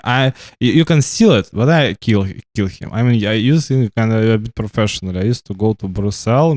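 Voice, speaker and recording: A man's voice: fairly low pitch, a little mellow, no room sound, studio quality. Guy rambling over his game, stumbles on words a lot, bouncy up and down voice. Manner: rambling, stammering, tags "right?" often. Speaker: gamer streamer. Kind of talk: casual commentary while gaming.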